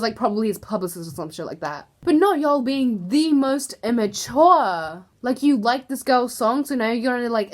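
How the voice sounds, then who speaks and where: A woman's voice: a little high, a little mellow. A young woman YouTuber gossiping casually to camera, chatty and filler-heavy, with exasperated asides.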